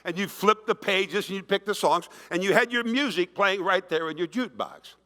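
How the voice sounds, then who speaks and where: A man's voice: sits high, moderate pace. Older man telling stories in a reverberant hall. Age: 60s. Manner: animated, emphatic storytelling, acts out quoted voices. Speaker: keynote speaker. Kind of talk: storytelling speech to an audience. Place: conference hall. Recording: long reverb of a large hall.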